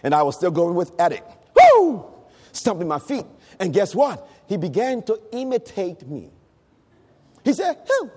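A middle-aged male pastor preaching a sermon, breaking into shouts and sung, rising phrases. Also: high-pitched, lively intonation, moderate pace, slightly rough. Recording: long hall reverb.

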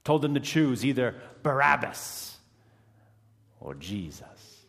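A man playing a gravelly freed rebel prisoner. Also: mid-range voice, big pitch swings, heavily acted. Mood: intense. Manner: hushed and loud swings, dramatic pauses. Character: rough freed male rebel prisoner, fierce and emotional. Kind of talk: first-person dramatic monologue. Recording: long reverb of a large hall.

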